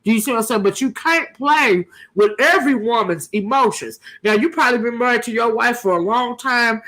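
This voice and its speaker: A woman's voice: a little high, bright, forceful tone. A woman hosting a casual gossip commentary channel, sassy and emphatic, firing rhetorical questions at her viewers.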